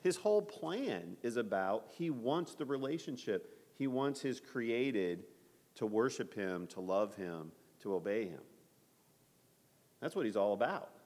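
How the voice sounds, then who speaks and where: A man's voice: on the low side, animated, unhurried, a little mellow, big-room sound. A man leading a Bible study, talking conversationally and asking his group questions.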